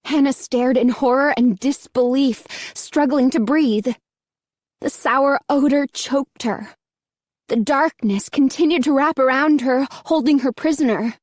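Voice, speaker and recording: Woman reading a spooky kids book slow, high voice, dry sound. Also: darkish tone, dry recording. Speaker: audiobook narrator. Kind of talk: scripted narration.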